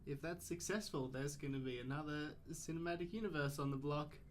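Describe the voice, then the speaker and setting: A man's voice: on the high side, steady tone, brisk, a little hiss or hum. A man hosting a film podcast, chatting casually and giving blunt, opinionated verdicts. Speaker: podcast host. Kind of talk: casual chat.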